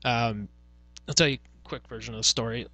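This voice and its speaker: A man's voice: medium pitch, brisk, sharp tone, no room sound. A young man hosting a podcast, telling a rambling, profane work story in casual chat. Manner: profane, rambling, many fillers. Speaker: podcast host.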